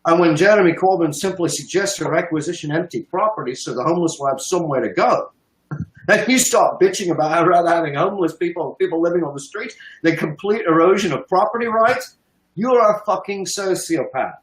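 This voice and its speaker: A man's voice: sits high, brisk, echoey room, low-quality recording. A British man giving sarcastic, profane political commentary on a livestream, mocking and emphatic. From United Kingdom.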